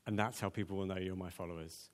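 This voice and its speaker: Preacher in a reverberant church. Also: male voice, low voice, fast. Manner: conversational, animated, frequent ums and repeated words. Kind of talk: sermon. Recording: long church hall reverb.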